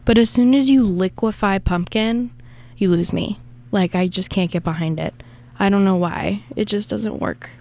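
A young woman with a Southern American accent hosts a radio music show, chatting loosely between tracks. She rambles in a chatty, self-deprecating way. Her voice sits at an ordinary middle pitch. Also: normal speed, warm tone. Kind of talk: casual radio DJ chat between songs.

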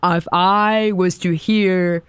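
A man co-hosting a radio show in casual chat, playful and quick to laugh. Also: high voice, steady tone, a bit bright, clean tone, no room sound. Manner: playful, laughs often, thinks aloud. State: sunburnt. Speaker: radio co-host.

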